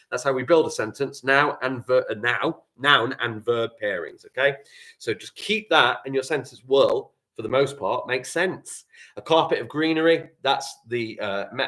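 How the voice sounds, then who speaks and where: A man's voice: medium pitch, fairly bright tone. A male primary school teacher, giving a live online writing lesson, reading example sentences aloud and explaining them step by step.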